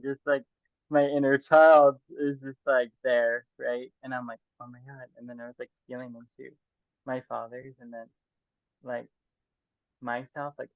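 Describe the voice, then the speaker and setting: A man's voice: medium pitch, gravelly, no echo. A man in a casual, reflective monologue, rambling earnestly and heartfelt, filling each phrase with "like". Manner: rambling, fills every phrase with "like"; earnest and heartfelt, soft-spoken. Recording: tinny dry phone-like audio.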